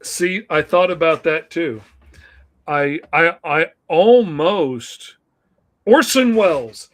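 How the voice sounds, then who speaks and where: A man's voice: on the high side, animated, slow, fairly bright tone. A man co-hosting a casual live stream, talking enthusiastically and rambling with many fillers. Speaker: co-host.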